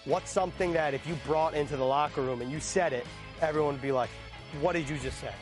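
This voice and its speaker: A man's voice: fairly high pitch, fast talker. A man hosting a casual walking interview, playful and joking in an upbeat way. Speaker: team media host. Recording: music playing behind.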